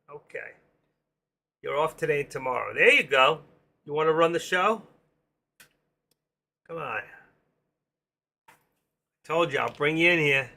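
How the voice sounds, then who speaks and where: A man's voice: a little high, measured pace, creaky, long pauses, bright, forceful tone. A man hosting a casual live stream, rambling and joking as he talks to his viewers by name. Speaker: live stream host and room moderator.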